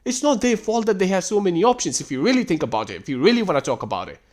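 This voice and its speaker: A host reacting to text screenshots rants at a racing pace, full of exasperated sarcasm and frequent swearing. His fairly high voice leaps up and down in lively swings as he questions and scolds.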